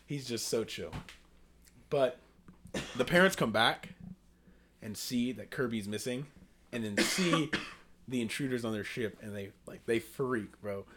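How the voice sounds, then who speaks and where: A man co-hosting a casual podcast, recapping a movie in an excitable, animated way. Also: mid-range voice, unhurried, pauses often, a little hiss or hum. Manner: excitable, animated, says bro. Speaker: podcast co-host. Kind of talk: casual chat.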